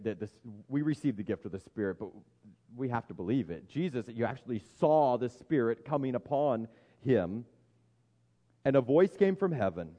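Mellow, joking pastor preaching. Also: male voice, medium pitch. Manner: conversational and humorous, with restarts. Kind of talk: sermon.

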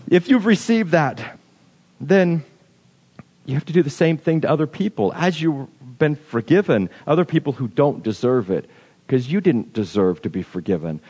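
A man's voice: fairly high pitch, a little mellow, in a large hall. A man preaching a sermon in a conversational way, acting out the objections of his listeners. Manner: conversational, acts out imagined objections.

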